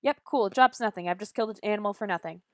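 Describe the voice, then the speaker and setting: A woman's voice: mid-range voice, fast talker, dry recording, studio quality. Playful sarcastic woman streamer. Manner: playful, sarcastic, makes silly beep and boop noises. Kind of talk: casual chatter while playing a game.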